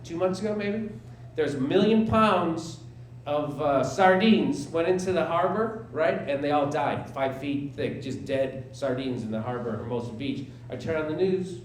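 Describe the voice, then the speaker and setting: With a fairly high voice at a moderate pace, a man in his 40s does a stand-up set for a live crowd in a small theater. He's sarcastic and incredulous, imitating people in mock voices, and the spacious recording carries laughter and slight background noise.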